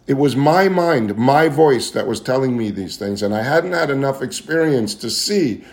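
With a mid-range, expressive, somewhat mellow voice and a moderate pace, this man gives testimony about his own recovery. His tone is earnest and confessional, and he circles back over phrases as he hunts for the right words.

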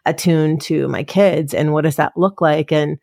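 A woman's voice: low voice, steady tone, moderate pace, creaky, dark tone, no echo, clean studio sound. A woman hosting a podcast, talking in an earnest, reflective way about parenting and presence. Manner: earnest, reflective, tearful at times. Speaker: podcast host. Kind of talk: heartfelt conversational chat.

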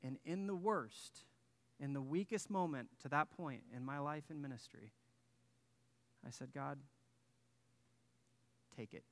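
A man's voice: fairly high pitch, unhurried, pauses often, a bit bright. A man in his thirties preaching to a church congregation, telling a personal story in a conversational, self-deprecating way and joking with the people in the pews. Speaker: guest pastor. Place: church sanctuary.

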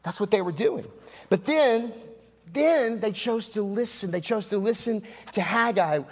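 A man's voice: high voice, measured pace. A man preaching a sermon, emphatic and repetitive, with rhetorical asides and dramatic drops in voice. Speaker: pastor. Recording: long hall reverb.

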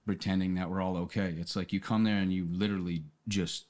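A man's voice: sits low, flat delivery, brisk, darkish tone. A man on a podcast, talking casually and telling an earnest story, often restarting and repeating words. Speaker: podcast guest. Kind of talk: casual conversation.

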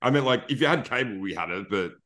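A man's voice: medium pitch, expressive, sharp tone. A man with an Australian accent, a guest on a podcast, chatting in a rambling, easygoing way. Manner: rambling, easygoing, quick asides. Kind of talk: casual podcast chat.

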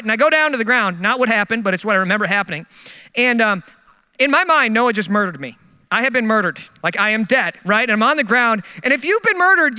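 A middle-aged man, a pastor, preaching a sermon with lively, self-mocking storytelling. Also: very high voice, smooth, long reverb tail.

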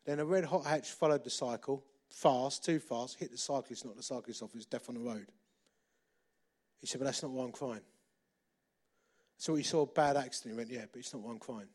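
A middle-aged man preaching a sermon, repeating phrases for emphasis and moving between loud and hushed delivery. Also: medium pitch, brisk, pauses often. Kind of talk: sermon with storytelling.

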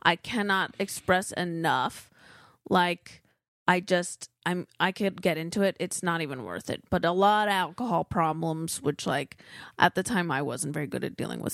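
A woman's voice: on the low side, vocal fry, no echo, clean studio sound. A woman from California co-hosting a podcast, telling stories in a chatty, wry way. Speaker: podcast co-host. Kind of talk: casual chat.

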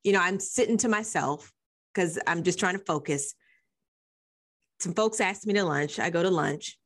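A woman's voice: lowish voice, normal speed. Affirming woman host sharing testimony. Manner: affirming, frequent mm-hmms, storytelling with fillers. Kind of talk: casual faith talk.

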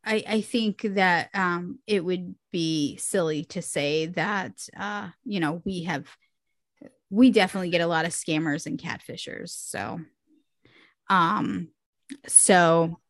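A woman co-hosting a podcast, telling stories in lively casual chat with plenty of fillers. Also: on the low side, slow pace, no room sound. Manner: animated storyteller, many fillers. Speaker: podcast co-host.

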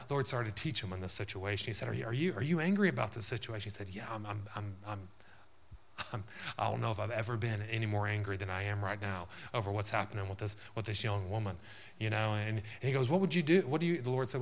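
A man's voice: lowish voice, vocal fry, a bit bright. A male pastor preaching a sermon to his church, building in intensity with frequent amens.

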